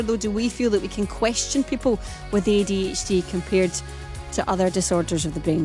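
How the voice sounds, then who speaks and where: A woman's voice: fairly high pitch, darkish tone. A woman hosting a live radio phone-in, chatty and firing questions at listeners.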